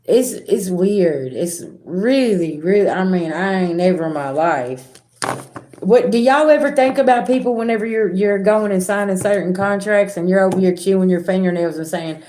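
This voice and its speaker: A middle-aged woman, a spiritual reader talking casually and directly to her viewers in a rambling, animated way. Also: mid-range voice, moderate pace. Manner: animated, rambling, talks straight to viewers with asides. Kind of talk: casual direct-to-camera talk.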